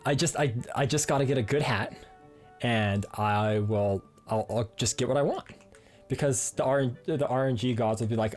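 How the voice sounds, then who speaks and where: A man's voice: mid-range voice, normal speed, a little mellow, faint music behind. A man streaming a video game live, talking playfully and jokingly, often stammering and repeating words. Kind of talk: live gameplay commentary.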